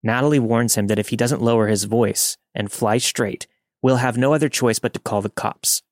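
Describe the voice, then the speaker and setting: Male storyteller, even measured read, dry booth sound. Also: mid-range voice, no echo. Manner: steady, measured reading. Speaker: horror story narrator. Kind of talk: scripted first-person narration of a listener story.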